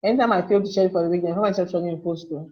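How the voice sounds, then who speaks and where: A woman's voice: fairly low pitch, very fast, highs cut off. A woman teaching a live online class, chatty, reading out and answering viewer comments. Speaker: webinar teacher.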